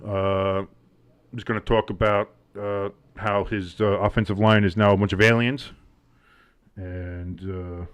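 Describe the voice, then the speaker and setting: A man with a New Jersey accent co-hosting a live sports show, talking in a rambling, excitable way with many restarts. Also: on the low side, a little slow, clear, resonant tone. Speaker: sports podcast co-host. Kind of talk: casual live draft chat.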